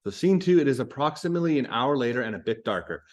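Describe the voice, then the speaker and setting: A man's voice: medium pitch, animated, fast talker. Man reading a play aloud to a class. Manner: conversational, explains as he reads.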